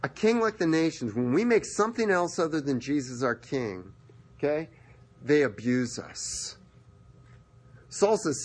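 A man preaching a sermon, retelling a scripture story with animated voices for its characters. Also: a little high, measured pace, long pauses, breathy edge. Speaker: pastor.

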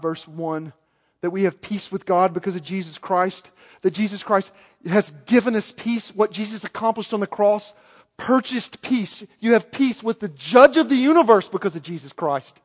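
A man preaching a sermon as pastor, moving from quiet storytelling to yelling with passion. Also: high-pitched, moderate pace. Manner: swings from soft to yelling. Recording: long hall reverb.

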